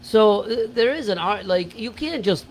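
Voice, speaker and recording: A man's voice: high-pitched, animated, moderate pace, a little hiss or hum, poor audio. A man who owns a wine and cigar shop, explaining things in an easygoing, explanatory way with many fillers. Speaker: wine and cigar store owner, guest. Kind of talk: casual chat.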